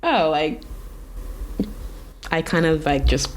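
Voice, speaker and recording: The Canadian tattoo artist guest tells her story slowly in a low voice, relaxed and casual, full of likes, ums and acted-out quotes. Slight background noise can be heard.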